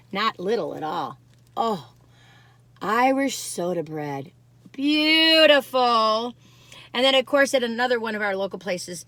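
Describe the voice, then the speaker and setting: A woman's voice: mid-range voice, pushed and bright, dry recording. A woman reviewing pastries in a casual food vlog, recorded on her phone in a parked car, gushing and laughing often. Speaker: food vlogger.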